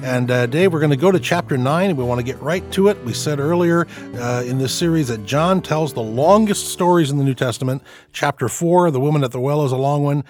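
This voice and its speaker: A man's voice: on the high side, a little fast, darkish tone, soft background music. A man co-hosting a radio Bible program, chatting conversationally and reading scripture aloud with expression.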